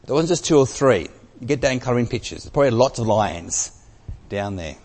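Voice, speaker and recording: A man preaching a sermon, telling a story with emphasis and dropping from loud to very soft. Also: mid-range voice, expressive, a little fast. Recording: long reverb of a large hall.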